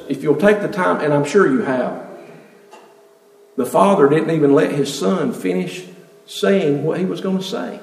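A man's voice: a little high, a little slow, creaky, pauses often, darkish tone. A man preaching a sermon in a church, earnestly putting rhetorical questions to the congregation. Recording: echoey hall, mic at a distance.

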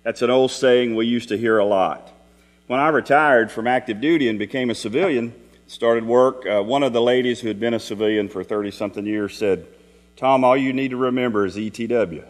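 A man's voice: medium pitch, brisk. Man preaching a folksy sermon in an echoing hall. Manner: folksy storytelling with rhetorical questions. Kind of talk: Sunday evening sermon. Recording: long hall reverb with mains hum.

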